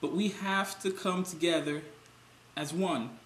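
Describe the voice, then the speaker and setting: A man's voice: high-pitched, fairly bright tone, reverberant, slight background noise. A man doing a preachy young peacemaker. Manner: lecturing, pleading, drawn-out.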